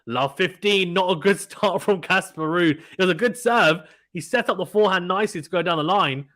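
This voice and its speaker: A young British man calls a tennis match live in a casual, chatty way, laughing easily and reading out viewer messages between points. His voice is bright and forceful, sitting a little higher than most men's. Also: brisk. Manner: chatty, laughs often, reads viewer comments aloud. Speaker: live watchalong commentator. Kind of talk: casual play-by-play commentary reading chat.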